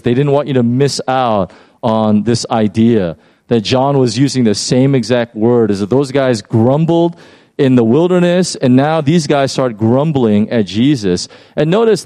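A male pastor delivers a relaxed, chatty sermon, restarting phrases as he goes. His voice is mellow and dark in tone, and the sound is close and dry with little room echo. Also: mid-range voice. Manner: conversational, animated, repeats and restarts phrases. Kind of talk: casual sermon.

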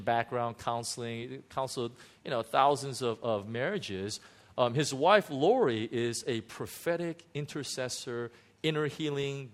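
A man who is a pastor, telling a candid, self-mocking story from his own marriage in a sermon, with many restarts and fillers. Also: mid-range voice. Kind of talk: sermon testimony.

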